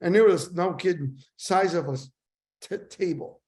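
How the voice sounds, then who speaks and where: An older man, a sales trainer, telling casual stories in a rambling, animated way. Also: sits high, normal speed. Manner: animated, rambling anecdotes with voice impressions. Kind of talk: casual storytelling.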